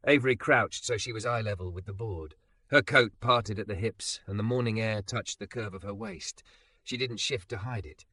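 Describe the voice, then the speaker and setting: A man narrating a scripted story in an even, measured reading. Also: on the low side.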